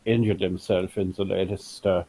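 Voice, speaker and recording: A man joking deadpan as a player in a tabletop game. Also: low voice, normal speed, low-quality recording.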